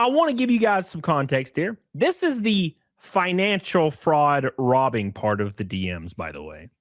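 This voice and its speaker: A man's voice: fairly high pitch, no echo, clean studio sound. A man giving casual, profane commentary as host, reading messages aloud and mocking their subject with sarcasm and laughter.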